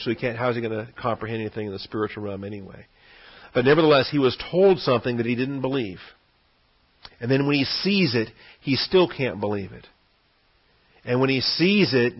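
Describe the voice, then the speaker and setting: A man teaching a verse-by-verse Bible study in a conversational way, often repeating words and checking in with "okay?". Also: mid-range voice. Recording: dull lo-fi recording.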